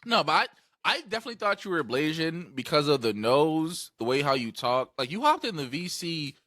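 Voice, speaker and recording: Young guy hosting a pod, swings his pitch all over, bright punchy tone, cusses a lot. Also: a little fast, no room sound, studio quality. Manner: animated, slangy, swearing, laughing. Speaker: podcast host. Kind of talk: casual chat.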